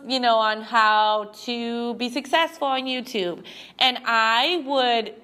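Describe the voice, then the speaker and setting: A young woman talks to her listeners in a halting, emotional monologue, restarting her sentences as tears come close. Her voice is bright and sits a little high. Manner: halting, with frequent restarts and fillers. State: teary. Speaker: podcast host.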